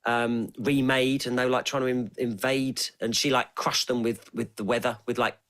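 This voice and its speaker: A man's voice: mid-range voice, moderate pace. A man co-hosting a casual podcast, hesitant and searching for words. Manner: hesitant, lots of fillers and restarts, lively intonation. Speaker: podcast co-host. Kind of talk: casual chat.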